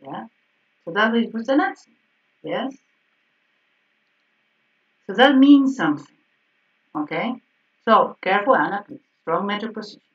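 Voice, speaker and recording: A woman piano teacher explaining harmony exercises in an online group lesson, checking in with frequent "yes?" and soft laughs. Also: medium pitch, animated, moderate pace, long pauses. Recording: slightly dull, distant online call audio.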